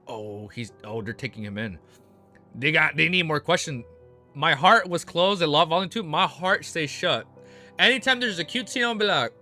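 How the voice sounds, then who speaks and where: A man on a live stream reads a novel aloud and keeps breaking in with excitable, profane reactions. His voice sits a little high and sounds bright and forceful. Soft music plays faintly behind him. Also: moderate pace. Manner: excitable, swears freely, laughs often. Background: faint background music.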